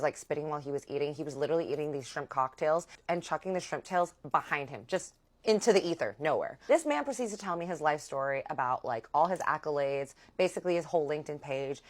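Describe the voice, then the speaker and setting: A young woman telling a personal story to viewers in a chatty, animated way. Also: low voice, fast talker. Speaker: vlogger. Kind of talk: storytime vlog.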